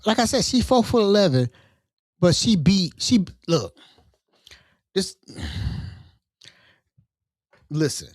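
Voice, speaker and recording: Man, podcast host, storytelling, very lively pitch, dry close sound. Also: slow, long pauses, no room sound. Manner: animated, acts out quoted voices. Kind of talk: casual storytelling.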